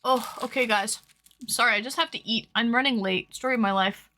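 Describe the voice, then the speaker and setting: A woman's voice: fairly high pitch, a little fast, sharp tone, slight background noise. A woman from Toronto hosting a casual livestream, greeting viewers by name in a bubbly, chatty way, her nose running from hot sauce. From Toronto, Canada. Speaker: livestream host.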